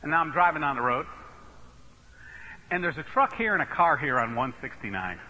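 Emphatic, bright-voiced preacher man. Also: on the high side, brisk, poor audio. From northeastern United States. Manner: animated, emphatic, self-mocking storyteller. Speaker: Baptist preacher. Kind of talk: sermon storytelling.

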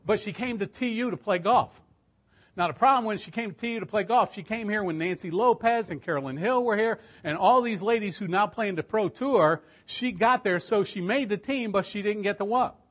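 High-voiced, emphatic middle-aged preacher man. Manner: emphatic, swelling louder and higher at key points. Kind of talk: storytelling sermon.

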